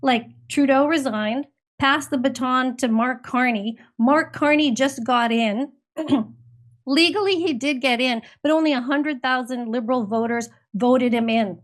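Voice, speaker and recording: A woman's voice: sits high, a little slow. A middle-aged woman from Canada talks politics in casual chat, rambling and emphatic, and she sounds indignant. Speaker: guest commentator.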